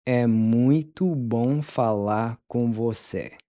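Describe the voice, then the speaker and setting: A man teaching pronunciation, breaking words into sounds and repeating them slowly and carefully. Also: mid-range voice, warm tone, no echo. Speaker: language teacher. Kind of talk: slow, careful pronunciation lesson.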